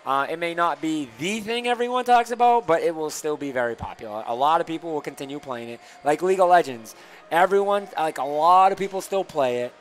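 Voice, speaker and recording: A man's voice: fairly high pitch, expressive, brisk, slight background noise. A man from Massachusetts co-hosting a gaming live stream, chatting casually and giving opinions with lots of fillers.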